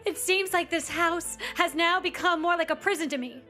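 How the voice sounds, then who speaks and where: A woman's voice: very high-pitched, moderate pace, pushed and bright, soft background music. An actress playing a desperate young mother in a dubbed TV drama, pleading and anguished.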